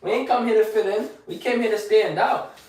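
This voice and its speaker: A man's voice: high voice, a little fast, darkish tone, heavy reverb. A young man boasting in street slang, repeating himself and firing questions at the listener in a live motivational vlog. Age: young adult. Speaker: motivational vlogger.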